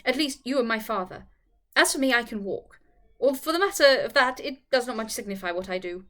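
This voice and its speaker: Woman reading lazy good-natured young gentleman, lackadaisical, hesitant. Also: a little high, animated, brisk. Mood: resigned. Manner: lackadaisical, imploring.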